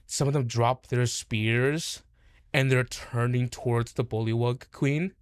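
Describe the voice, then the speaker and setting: A man narrating a tabletop game as game master, in a relaxed, halting way. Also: mid-range voice, dry recording, clean studio sound.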